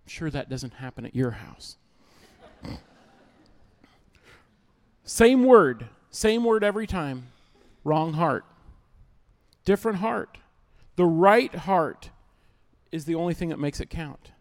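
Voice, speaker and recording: A man's voice: on the high side, expressive, slow, long pauses. A man preaching a sermon as pastor, emphatic, repeating key lines and acting out little everyday scenes.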